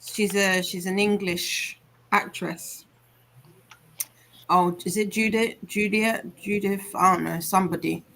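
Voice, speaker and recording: A woman's voice: medium pitch, fairly even intonation, measured pace, vocal fry, fairly bright tone. Woman, casual livestream chatter, wanders mid-sentence, faint background hiss. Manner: rambling, searches for words. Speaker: book club livestream participant. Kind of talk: casual chat.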